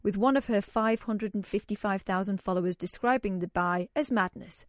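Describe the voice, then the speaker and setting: A woman's voice: medium pitch, normal speed, dry recording. Woman radio host, casual chat, self-mocking, dry close studio sound. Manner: chatty, self-mocking, reads news aloud with asides. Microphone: studio microphone.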